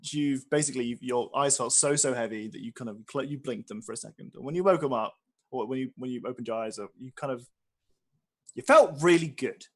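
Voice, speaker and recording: A man's voice: mid-range voice, brisk. A man narrating as game master, rambling with many fillers and restarts. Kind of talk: narrating a tabletop game session.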